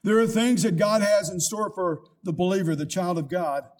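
A man's voice: high-pitched, normal speed, a little mellow. An older man, a pastor, preaching a sermon with rising emphasis and quoted scripture.

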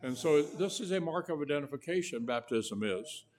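A man's voice: on the high side, lively intonation, normal speed, darkish tone. A man preaching a sermon in a folksy way, telling homespun stories and often repeating his words. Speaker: guest preacher.

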